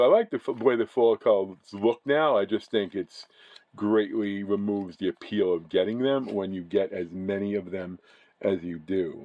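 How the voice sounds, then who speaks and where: There's no room sound in this lo-fi clip of a man with a lowish voice. As host of a card-breaking channel, he opens trading card packs while chatting casually, rambling and regularly correcting what he just said.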